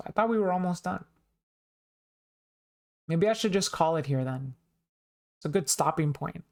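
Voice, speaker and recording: A woman's voice: fairly low pitch, expressive, moderate pace, long pauses, a little mellow. A young woman streaming a game, chatting casually and self-deprecatingly with her viewers. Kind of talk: casual chat while playing.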